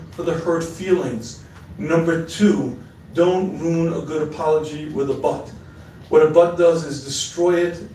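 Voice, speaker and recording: A man, a rabbi, giving a marriage seminar as a lively lecture with stories, often clearing his throat. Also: a little high, a little hiss or hum. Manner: animated storyteller, frequently clears throat. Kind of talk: sermon-like lecture with storytelling. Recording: echoey hall, mic far off.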